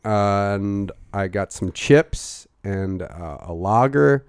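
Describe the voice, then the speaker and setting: A man co-hosting a comedy podcast, deadpan and dry, now and then breaking into shouted mock rants. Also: on the low side, slow, clear, resonant tone, no echo.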